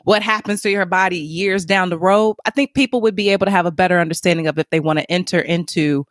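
Measured woman reflecting, dry close sound. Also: on the low side, no echo. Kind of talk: casual chat.

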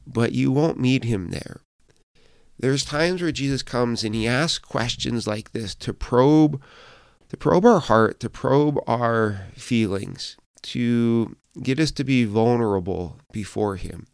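A man's voice: medium pitch, gravelly, darkish tone, smooth, no echo, studio quality. A man pastor giving a devotional podcast sermon, earnest and personal, with fillers and restarts, telling a Bible story in quoted voices.

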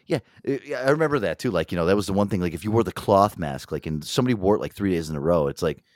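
A man hosting a casual podcast, animated and jokey, swearing often. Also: low-pitched, rapid-fire, dry recording, clean studio sound. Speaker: host.

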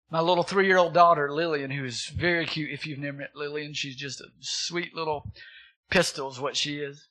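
A man's voice: a little high, moderate pace, a bit bright. A man in his thirties preaching a sermon, asking the congregation questions and repeating words for emphasis. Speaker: pastor.

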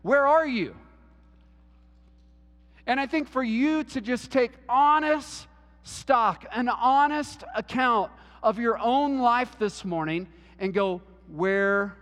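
A man's voice: sits high, fairly bright tone, big-room sound. A man preaching a sermon in a church, earnest, often restarting words and using "like" as a filler. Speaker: pastor.

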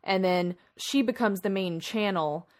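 A woman co-hosting a casual chat, retelling a movie plot in a rambling, animated way full of asides. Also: medium pitch, unhurried. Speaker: podcast co-host.

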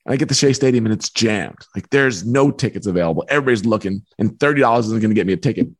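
Animated New man telling a story. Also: lowish voice, very fast, slightly rough. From New York. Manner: lively, acts out voices in anecdotes. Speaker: author guest.

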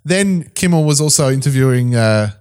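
A man chatting loosely on a podcast with friends. He rambles through his stories, stops to hunt for names, and talks in an easy, mid-pitched voice. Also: animated, moderate pace, a little mellow, clean tone. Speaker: podcast co-host. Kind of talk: casual conspiracy chat.

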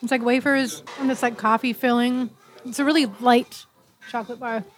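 Casting: slightly high-voiced woman from Canada, chatty and casual, filler-heavy. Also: steady tone, normal speed. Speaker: interviewee. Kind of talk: casual chat over a meal.

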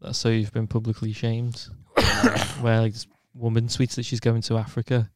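A man in casual podcast chat, calmly recounting an anecdote. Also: medium pitch, moderate pace, no room sound.

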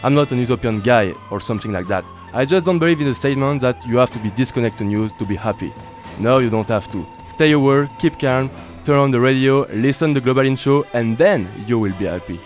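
With music running under his voice, a French-accented radio host, a native French speaker, kicks off his show full of playful wordplay. He talks fast in an expressive, medium-pitched voice.

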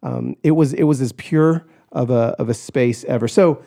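A man guest on a podcast, telling a personal story in an animated way and acting out the voices of others. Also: medium pitch, normal speed, vocal fry. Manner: animated, acts out quoted voices, shouts in retelling.

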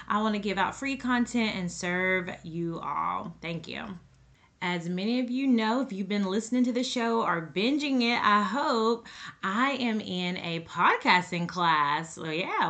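A woman's voice: medium pitch, animated, measured pace, fairly bright tone. A woman in her thirties hosting a parenting podcast, talking casually and informally straight to her listeners. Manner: chatty and informal, addresses listeners as y'all and sisters. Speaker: podcast host and parenting coach.

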